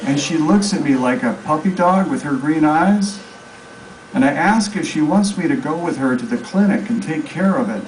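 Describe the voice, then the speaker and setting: A man reading his own story aloud at a live public event, telling it in a deadpan way. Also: on the high side, moderate pace. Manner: deadpan storytelling, crowd laughing along. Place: live reading venue with audience. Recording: distant mic with loud crowd and noise.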